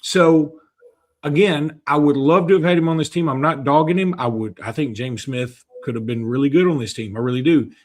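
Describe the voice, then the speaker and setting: A man's voice: on the high side, fairly quick. A man from Alabama with a Southern American accent, co-hosting a casual sports talk show in a chatty, self-deprecating way. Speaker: co-host.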